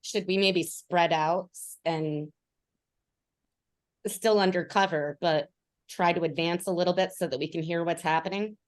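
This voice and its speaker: A woman playing in an online tabletop game, thinking aloud with tentative pauses. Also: on the low side, fairly even intonation. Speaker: player. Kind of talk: online tabletop role-play.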